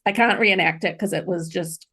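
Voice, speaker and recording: A woman's voice: lowish voice, moderate pace, pushed and bright. A middle-aged woman, a podcast guest, earnestly recounting a personal story in an interview.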